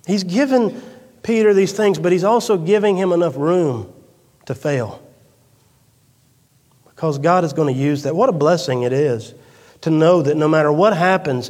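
A man preaching a sermon as pastor, swinging between loud emphatic peaks and hushed, quiet storytelling. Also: high-pitched. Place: church sanctuary. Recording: long reverb of a church hall.

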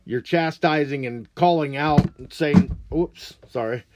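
A man's voice: fairly high pitch, measured pace, very noisy. A man hosting a show, ranting about politics in a blunt, crude, mocking way. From United States. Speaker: podcast host. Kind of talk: profane political rant.

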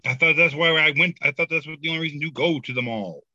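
A man's voice: fairly high pitch, fast talker, pushed and bright, no room sound. A man co-hosting a podcast, chatting casually with wry, playful remarks. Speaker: podcast co-host. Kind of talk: casual chat. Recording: dull lo-fi sound, dry.

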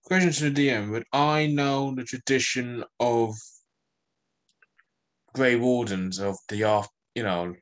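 A man's voice: mid-range voice, steady tone, a little slow. A man playing a tabletop game, chatting casually and thinking aloud. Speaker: player.

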